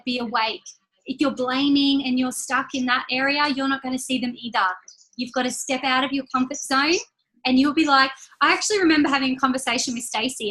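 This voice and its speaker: Upbeat woman leading a team call; high, bright voice; chatty motivator who repeats key lines slowly. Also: low-quality recording. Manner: chatty and personal, laughs between points. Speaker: team leader giving a training call. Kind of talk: motivational talk on a group call.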